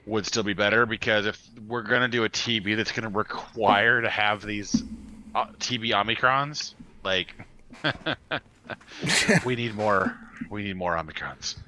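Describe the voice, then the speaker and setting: A man's voice: fairly low pitch, unhurried, pushed and bright. A man co-hosting a gaming live stream in casual chat, laughing now and then between points. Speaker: co-host of a game live stream. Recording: dull, lo-fi sound.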